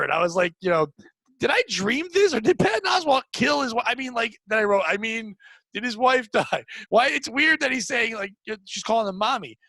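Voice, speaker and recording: High, bright-voiced man telling comic stories. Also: breathy edge, no echo. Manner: rambling, profane, loud outbursts. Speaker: podcast host. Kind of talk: casual comedic storytelling.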